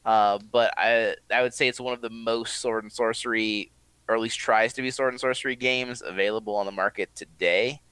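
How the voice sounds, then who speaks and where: A man co-hosting a casual podcast, giving his opinions in a measured way. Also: fairly low pitch, steady tone, a bit bright, smooth, no echo, rough recording. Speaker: podcast co-host. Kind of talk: casual chat.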